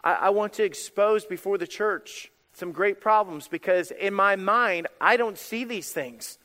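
A male pastor preaching a sermon in an animated, emphatic way, repeating phrases for effect. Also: sits high, measured pace, long reverb tail.

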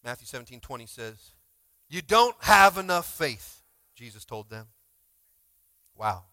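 A male pastor preaching a sermon informally, swinging between shouted exhortations and quiet asides, often asking the congregation to respond. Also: medium pitch, very animated, measured pace, no room sound. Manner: informal, frequent "like" and call-and-response.

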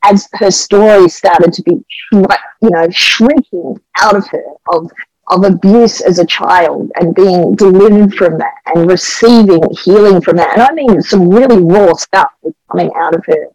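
A middle-aged woman with an Australian accent tells a testimony with earnest, emotional animation, and her pitch sits in a medium range. The recording is dry and close, with almost no room sound. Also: measured pace, a little mellow, no room sound, rough recording. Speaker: pastor's wife and evangelist. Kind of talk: testimony storytelling on a podcast.

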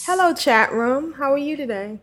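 A woman hosting a casual chat podcast, talking chattily, giggling and pausing on fillers. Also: high voice, animated, a bit bright. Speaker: podcast host.

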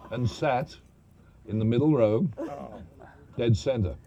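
An older man, a guest actor telling lively, profane, self-mocking stories on stage. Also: mid-range voice, takes it slowly, lo-fi sound. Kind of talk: anecdotal storytelling on stage.

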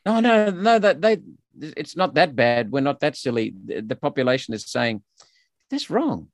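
A man's voice: mid-range voice, moderate pace, dry recording, studio quality. An Australian man speaking as a politician guest in a podcast interview, emphatic and indignant with frequent restarts.

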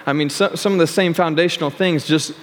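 Chatty young pastor in a reverberant hall. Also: male voice, on the high side, fairly quick. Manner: chatty, repeats "all right" and "okay" to check in with listeners. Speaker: youth pastor. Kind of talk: casual youth sermon. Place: large hall with a live youth audience.

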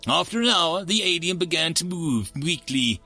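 A man narrating a story aloud in an expressive, animated audiobook reading. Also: fairly high pitch, normal speed, soft background music.

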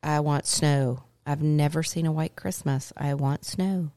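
A woman's voice: sits low, measured pace, dry recording. A middle-aged woman, co-hosting a casual chat and telling stories with laughter. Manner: animated, laughing storyteller. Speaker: co-host.

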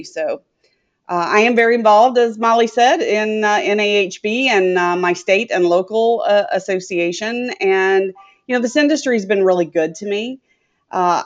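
A middle-aged woman from Tennessee, a guest talking chattily in an interview, rambling with many filler sounds. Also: fairly low pitch. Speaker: guest, sales consultant. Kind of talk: conversational interview. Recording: dull lo-fi audio.

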